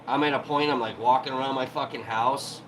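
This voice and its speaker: A man's voice: mid-range voice, steady tone, fairly quick, a bit bright, slight background noise, poor audio. A man hosting a livestream from home, ranting heatedly and profanely in an irritated tone. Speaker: livestream host.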